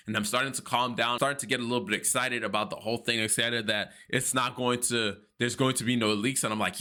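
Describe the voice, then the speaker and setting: Bright-voiced man telling a story. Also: medium pitch, quick pace. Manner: animated, acts out his own panic and prayers in quotes; earnest, devout. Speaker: personal finance vlogger. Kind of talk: personal storytelling monologue.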